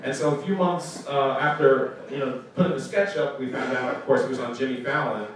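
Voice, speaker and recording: A man's voice: mid-range voice, a little fast. Thirties man, casual storyteller, laughs a lot, recorded far off in a big echoing room with light hiss. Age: 30s. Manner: animated, laughs often, restarts and trails off. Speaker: guest speaker. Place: school auditorium. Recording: echoey hall, voice picked up from far off.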